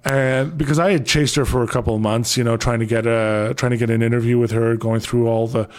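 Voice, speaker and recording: A man with a Canadian accent, hosting his last radio show in a studio and telling stories in a rambling, excitable way with many restarts. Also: mid-range voice, a little fast. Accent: Canadian English. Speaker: departing radio show host. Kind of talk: casual radio interview.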